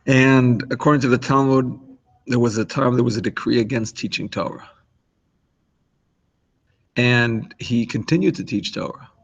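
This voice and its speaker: Gravelly man teaching a casual Torah class. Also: mid-range voice, steady tone, moderate pace, long pauses, muffled recording. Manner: conversational, explains with asides and restarts. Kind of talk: informal Torah lesson.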